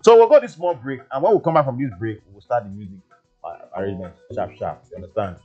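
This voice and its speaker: A man's voice: mid-range voice, huge pitch swings, fast, muffled recording, soft background music. A man with a Nigerian Pidgin English accent, hosting a casual radio show in a studio, chatty and playful, with many fillers. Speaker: radio DJ host. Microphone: studio mic.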